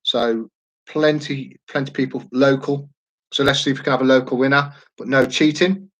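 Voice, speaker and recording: A man's voice: mid-range voice, fairly even intonation, normal speed, a bit bright, low-quality recording. Man, thirties, easygoing online quiz host, rambles and jokes. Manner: chatty, jokey, rambling asides. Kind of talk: casual live-stream chat.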